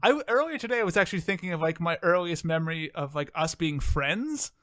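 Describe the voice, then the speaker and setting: A man's voice: fairly high pitch, quick pace, no echo, studio quality. Joking young man hosting a podcast. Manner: joking and self-deprecating, animated. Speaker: podcast host. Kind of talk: casual podcast chat.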